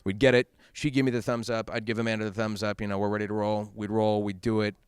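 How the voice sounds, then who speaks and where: Man, rapid chatty interview guest, low-ish voice, smooth, dry close sound. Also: dry recording. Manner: quick, animated storytelling with many restarts and fillers. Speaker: voice actor guest. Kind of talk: casual interview chat. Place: convention interview room.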